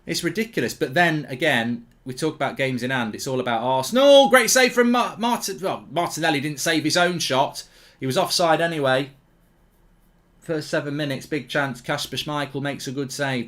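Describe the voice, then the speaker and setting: A man's voice: on the high side, fairly bright tone. A middle-aged man hosting a football watchalong stream, rambling casually between match reactions and blunt rants. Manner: chatty, rambling, blunt, explodes into furious ranting.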